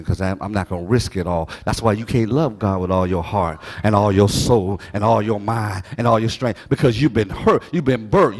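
Husky fervent preacher, a man. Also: medium pitch. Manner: fervent preaching that swings from soft to shouted, singing phrases. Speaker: pastor. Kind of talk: sermon.

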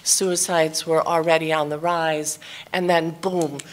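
A woman's voice: sits low, flat delivery, a little slow. A woman speaking in an academic panel discussion, earnest and restarting her sentences often. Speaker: seminar speaker.

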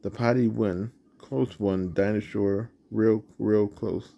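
A man's voice: lowish voice, fairly even intonation, takes it slowly, vocal fry, dark tone. A man hosting his channel, reading a picture book aloud with roaring sound effects. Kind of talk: storybook read-aloud.

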